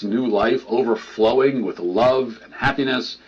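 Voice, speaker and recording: Husky-voiced man narrating a video essay. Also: medium pitch, measured pace. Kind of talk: scripted commentary narration. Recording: muffled lo-fi video playback.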